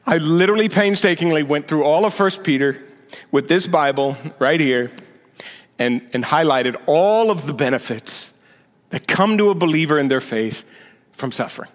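The big church hall's long reverb surrounds a male senior pastor whose fairly high voice has lively intonation and normal speed. His sermon is conversational, peppered with sarcasm, and builds up to emphatic points.

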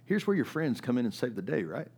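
Man, pastor, sermon, medium pitch, conversational, swings from loud emphasis to quiet. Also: fast talker, slightly rough. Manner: animated, swinging between loud emphatic peaks and quiet, low passages; conversational, with frequent "right?" and "man".

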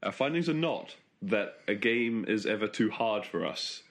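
A man's voice: fairly low pitch, lively intonation, normal speed, a bit bright. A man joining a casual group chat with jokey, teasing interjections.

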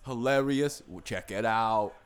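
A man's voice: on the low side, measured pace, a crowd in the background, voice pushed down, natural voice. A man putting on the voice of a cocky, self-promoting middle-aged movie star who rambles and brags. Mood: boastful.

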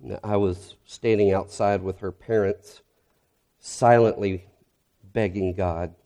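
A male pastor giving an earnest, reflective sermon that grows quiet and soft in its heavier moments. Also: low voice, steady tone, takes it slowly.

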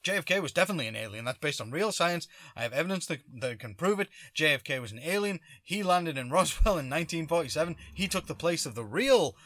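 A man doing a pushy alien conspiracy guy, higher and louder than normal, rushed and insistent, dry close sound. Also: lively intonation, no echo. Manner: insistent, repeating claims, rushed. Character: excitable adult male alien conspiracy believer.

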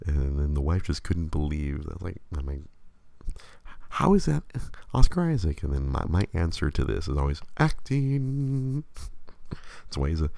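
A man's voice: extremely low pitch, expressive, normal speed, gravelly, dark tone, no echo. A man hosting a show, chatting casually and rambling with many stammered restarts. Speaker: podcast host. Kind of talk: casual chat.

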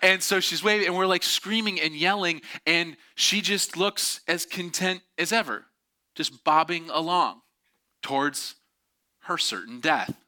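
A man telling a story in a lively way, acting out the voices of the people in it. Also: on the high side, a little slow. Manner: animated, acts out quoted voices. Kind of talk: storytelling talk.

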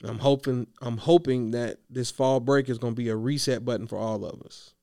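Coach guy venting on his vlog, slangy n worked up, gravelly voice, dry close sound. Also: mid-range voice, fairly even intonation, normal speed, warm tone, dry recording. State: worn out from yelling. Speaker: youth basketball coach. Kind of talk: casual vlog monologue.

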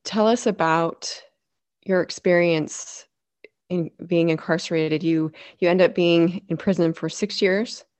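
Woman interview host, compassionate and reflective, very low voice, dry sound. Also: steady tone, a little slow, darkish tone, no echo. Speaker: podcast host.

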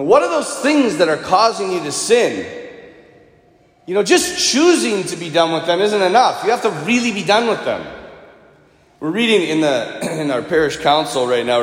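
A man, a priest, giving a conversational sermon and telling stories, now and then acting out the people he quotes. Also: on the high side. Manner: storytelling homily, conversational, acts out quoted voices. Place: church. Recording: echoey church with long reverb.

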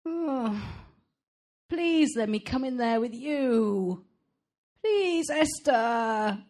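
A woman's voice: on the high side, lively intonation, drawn-out words, a little mellow, voice pushed up. A woman reading aloud and voicing a big black male dog who whines, pleads and feels sorry for himself. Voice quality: whiny, pleading.

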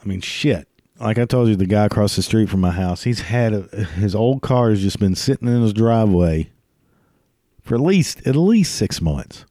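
Low, mellow-voiced man, crude swearing comedic ranter, dry close recording. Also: expressive, normal speed, no room sound. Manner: crude, swears constantly, laughs at his own jokes. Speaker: ranting commentator. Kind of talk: profane comedic rant.

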